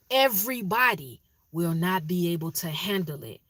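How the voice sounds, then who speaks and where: A woman telling a personal story to her viewers in a casual, animated way, jumping high in pitch when she acts out what people said, and turning to direct advice for her listeners. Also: normal speed, no echo. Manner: animated, acts out quotes with sharp pitch jumps; conversational, addresses listeners directly.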